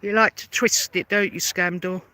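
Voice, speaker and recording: Forceful and bright, a fairly low-pitched woman from London confronts critics in an angry vlog rebuttal, sarcastic at a normal pace and with fairly even intonation, hammering repeated pointed questions.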